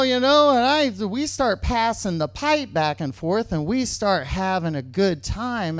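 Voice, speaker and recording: A man tells a true story on stage, his pitch leaping up and down as he goes. He often repeats key lines for emphasis. The sound is close and dry, with almost no room around it. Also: no room sound.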